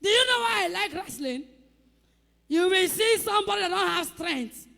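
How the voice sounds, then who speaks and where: A woman's voice: extremely high pitch, lively intonation, moderate pace, gravelly, bright, forceful tone, in a large hall. A woman pastor preaching a sermon with emphatic calls, rhetorical questions to the congregation and acted-out sound effects.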